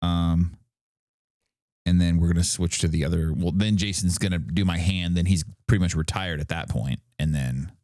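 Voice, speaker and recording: A man's voice: low voice, normal speed, darkish tone, no echo, studio quality. A man co-hosting a podcast in casual chat, laid-back and joking, often answering with short reactions. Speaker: podcast co-host.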